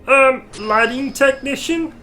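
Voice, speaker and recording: Man doing Bertram, a timid high-voiced sidekick. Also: takes it slowly, pushed and bright, faint music behind, exaggerated voice. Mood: hesitant. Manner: starts nearly every line with a nervous "um" or "uh". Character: timid, hesitant male sidekick assistant.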